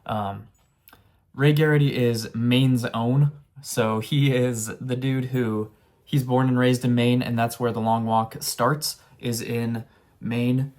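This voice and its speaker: A man's voice: medium pitch, fairly even intonation, takes it slowly, a little mellow. A young man giving a casual, rambling book review, earnest and full of fillers and restarts.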